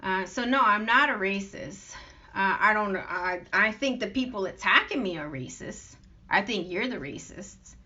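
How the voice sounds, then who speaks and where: A woman's voice: medium pitch, expressive, a little slow, bright, forceful tone. A woman vlogger speaking off the cuff, aggrieved and emphatic, piling up long lists of complaints. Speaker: vlogger addressing critics. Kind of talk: unscripted monologue. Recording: dull lo-fi recording.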